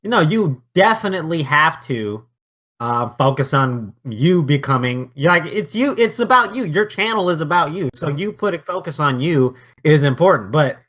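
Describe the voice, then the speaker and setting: Young man, bright tense voice, animated and profane, podcast co-host. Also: fairly high pitch. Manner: animated, profane, quick to act out quotes. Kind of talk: casual chat.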